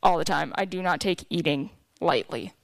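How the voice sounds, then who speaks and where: A woman's voice: low voice, lively intonation, moderate pace, vocal fry, no room sound. A young woman giving a candid, emotional personal testimony to a church group.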